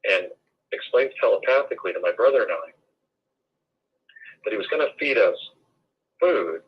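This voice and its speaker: A man's voice: low-pitched, slightly rough, dull audio. A man in his sixties telling a long, rambling story as an interview guest.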